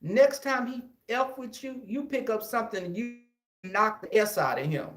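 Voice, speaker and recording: A man's voice: high-pitched, expressive, moderate pace, a bit bright, echoey room, soft background music, voice pushed up. A man voicing a blunt, fierce aunt, urging a child to fight back. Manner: brash, emphatic, swears it out.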